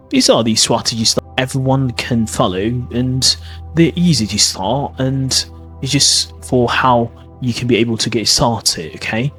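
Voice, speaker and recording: A pronunciation teacher with a medium-pitched, fairly bright voice gives a podcast lesson, often restarting and checking in with "okay?".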